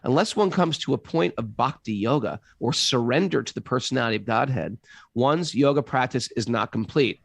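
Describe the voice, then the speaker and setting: Gravelly man in animated spiritual talk. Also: brisk, no echo, clean studio sound. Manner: animated, jumps into high mock voices for quoted catchphrases. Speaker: podcast co-host reading scripture.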